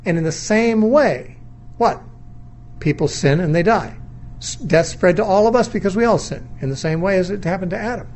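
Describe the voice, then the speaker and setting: Fairly quick and expressive, this middle-aged man's high-pitched, darkish voice carries a Bible lesson in a sermon lecture. His thinking is done out loud in a questioning, undogmatic way as he weighs different views, frequently starting sentences over.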